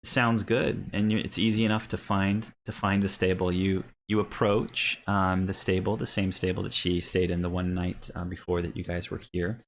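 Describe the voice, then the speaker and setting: A man's voice: low voice, level tone, moderate pace, hardly any pauses, slight background noise. A man narrating a tabletop role-playing game as game master, rambling with many ums and restarts.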